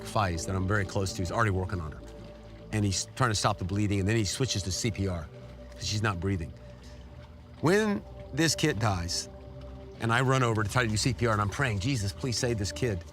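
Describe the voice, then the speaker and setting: A middle-aged man giving an earnest, emotional personal testimony as an interview guest, his pitch jumping up when he is moved. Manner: emotional, earnest storytelling with sudden rises in pitch. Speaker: guest telling a war story.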